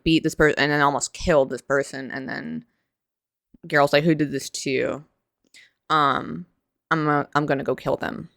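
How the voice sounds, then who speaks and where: Young woman w a low voice rambling at the camera, lots of restarts and asides, dry close mic. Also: dry recording. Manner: rambling, animated, many restarts and asides, quick laughs. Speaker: video essayist. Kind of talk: casual commentary to camera.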